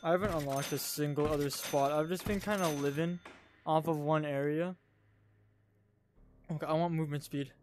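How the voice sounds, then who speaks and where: A high-voiced man talks through a VR survival game as a casual gameplay commentator. He is excitable, often shouting at enemies and then muttering quietly to himself. A faint hiss sits under his voice. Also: moderate pace, pauses often. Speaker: gaming channel host.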